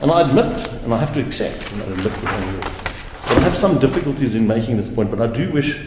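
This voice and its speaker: A male advocate giving a deliberate, emphatic courtroom argument, repeating words for stress. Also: mid-range voice, lively intonation, heavy background noise. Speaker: advocate arguing an appeal. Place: large courtroom. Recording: very echoey courtroom with long reverb.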